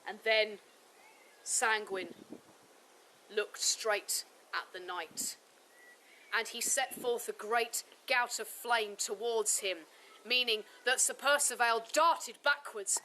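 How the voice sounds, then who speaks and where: A woman tells a tale with lively, expressive narration. Her voice is bright and a little high, and she takes her time. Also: takes it slowly, a little hiss or hum, low-quality recording. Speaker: storyteller. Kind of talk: live storytelling narration.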